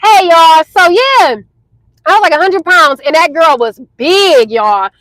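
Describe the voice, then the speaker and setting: Young woman vlogger, bright high voice, close and dry, casual animated storytime delivery. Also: a little slow, no echo, rough recording. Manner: animated, chatty, addresses viewers as y'all.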